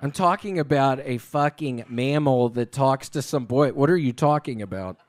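A man, a comedian guest on a live stage, bantering in an absurd way, swearing often and bursting into sudden shouts. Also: medium pitch, moderate pace, dry recording, soft background music. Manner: swears a lot and breaks into sudden loud shouting. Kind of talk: absurd deadpan stand-up banter.

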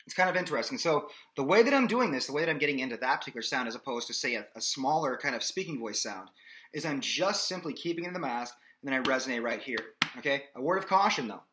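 A man's voice: medium pitch, expressive, fast talker, fairly bright tone. A man teaching a singing lesson in a casual, explanatory way, often checking in with "okay?". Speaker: vocal coach. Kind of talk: singing lesson with sung demonstrations.

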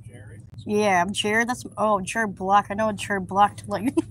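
A woman's voice: mid-range voice, moderate pace, fairly bright tone. A woman vlogging as she shops in a store, rambling and giggling to herself. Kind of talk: casual chat while shopping. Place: inside a busy store. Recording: noisy store background.

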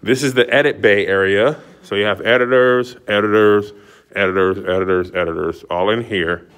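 A man's voice: fairly low pitch, moderate pace. Man, studio owner, casual walk-and-talk tour, showman hype, camera mic in an empty building. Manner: excitable, showman-like announcing. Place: large empty commercial building.

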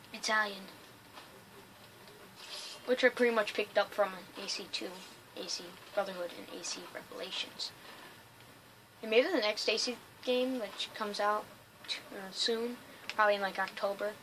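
A woman giving excitable, chatty, jokey let's play commentary over a game. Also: medium pitch, noisy background. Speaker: gamer.

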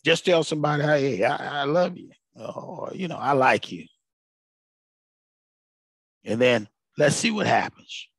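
A man's voice: on the high side, lively intonation, a little slow, creaky, long pauses, husky, no room sound. A man preaching an informal sermon broadcast, colloquial and emphatic, repeating his phrases for weight.

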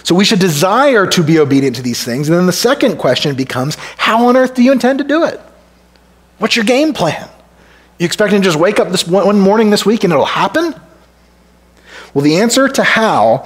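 In a church sanctuary, a male pastor delivers an expository sermon in a conversational style. He poses rhetorical questions to the congregation and drops to a hushed, low voice for emphasis.

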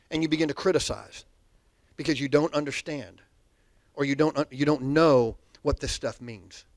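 Lively male pastor, higher register, clean dry mic, rallies the congregation. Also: no room sound. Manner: energetic call-and-response preaching. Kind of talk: sermon. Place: church sanctuary.

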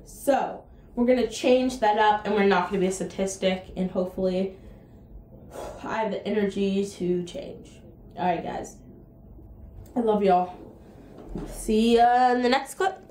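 A chatty young woman talks straight to her viewers in a loose, rambling way, full of "um" and "like". Her voice is mellow and soft, pitched in a middle range for a woman, with a faint hiss of noise behind her. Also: a little slow, long pauses. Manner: chatty, rambling, with many fillers. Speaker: vlogger. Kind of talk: casual vlog chat.

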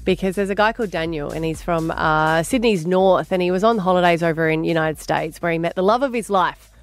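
An Australian woman co-hosting a breakfast radio show, telling a story in a lively, animated way and acting out her own panicked lines. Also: on the low side, brisk, soft background music. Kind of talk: casual breakfast radio chat.

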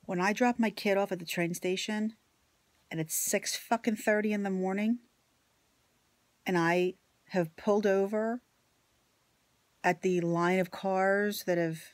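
A woman venting in an angry, profane rant to her viewers, blunt and swearing often, swinging between loud outbursts and quiet asides. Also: mid-range voice, steady tone, measured pace, long pauses, dry recording. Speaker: vlogger. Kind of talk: profane ranting monologue to camera.

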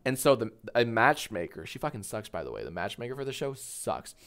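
A male streamer in his thirties talks in a bright, forward voice. His pitch swings widely as he tells a story, swearing and breaking into laughter. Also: very animated, brisk. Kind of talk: casual livestream chat.

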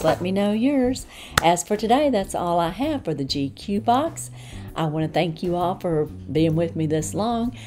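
Chatty Southern woman with a low voice. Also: noisy background. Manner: chatty, enthusiastic, homey. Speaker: unboxing vlogger. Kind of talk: casual product review.

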